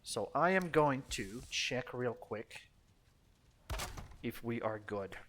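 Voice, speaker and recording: Man, bright sharp tone, profane rambling stream talk, faint background noise. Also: medium pitch, animated, slow. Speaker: game streamer. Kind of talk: casual gameplay chat.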